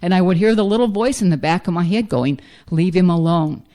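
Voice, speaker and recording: A woman's voice: fairly low pitch, lively intonation, fast talker, dark tone. Blunt middle-aged woman sharing her story. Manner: frank, blunt and self-mocking. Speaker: speaker sharing at a recovery meeting. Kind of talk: personal recovery testimony.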